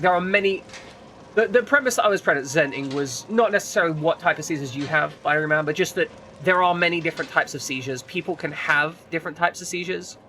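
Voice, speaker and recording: A man's voice: a little high, pushed and bright, slight background noise. A man streaming a game, talking in a rambling, casual way with frequent swearing and restarts. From United Kingdom. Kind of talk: casual chat while gaming.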